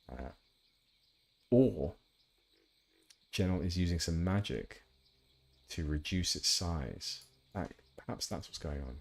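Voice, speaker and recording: A man's voice: very deep voice, creaky. A man chatting casually while streaming a game, rambling with asides. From England. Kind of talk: casual gameplay chat.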